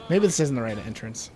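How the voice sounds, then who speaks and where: This is a young man in casual gameplay banter, joking sarcastically and rambling between bouts of hiccups. His voice sits a little high for a man and swings widely in pitch. Soft game music plays faintly beneath him. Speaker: let's play co-host.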